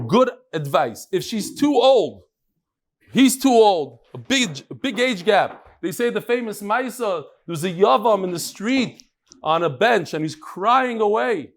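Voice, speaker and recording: A man with a fairly high voice leads a daily Talmud lesson. He explains lightly and jokes often, dropping Hebrew and Aramaic terms into his English. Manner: lively, joking, mixes in Hebrew and Aramaic terms. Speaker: Talmud teacher.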